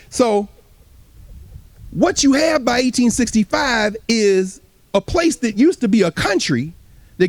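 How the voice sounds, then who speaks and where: Lively high-pitched male lecturer. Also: no echo. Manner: acts out historical voices, talks straight to the audience; casual, colloquial speech. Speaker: guest lecturer on history. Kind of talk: animated lecture to a live audience.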